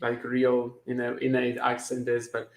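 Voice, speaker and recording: A man's voice: mid-range voice, completely flat delivery, a little slow. A non-native English-speaking man co-hosting a tennis watchalong, talking in a hesitant, self-deprecating way. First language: not English. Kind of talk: casual live watchalong chat. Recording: echoey room.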